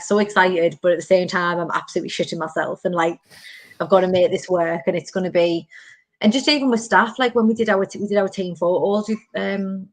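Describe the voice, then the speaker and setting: Woman in her 30s, lowish voice, animated chatty host. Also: dry recording. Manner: animated storytelling, many fillers. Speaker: podcast host. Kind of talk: casual chat.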